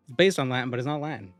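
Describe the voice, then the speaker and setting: A man streaming a game, chatting casually and reading viewer comments aloud before answering them. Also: medium pitch. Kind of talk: casual live-stream chat.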